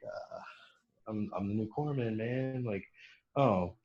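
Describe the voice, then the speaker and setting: A young podcast co-host tells a profane, laughing story to his fellow hosts in casual chat, bursting into loud, animated impressions of the people he met. His voice sits on the low side at a normal speed, and the recording sounds roomy, a little dull, and lo-fi like a home setup.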